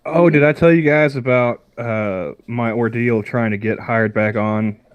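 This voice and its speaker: A man's voice: mid-range voice, smooth, no echo, lo-fi sound. Man telling a story with lots of "uh". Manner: storytelling, halting with fillers. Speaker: podcast co-host. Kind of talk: casual chat.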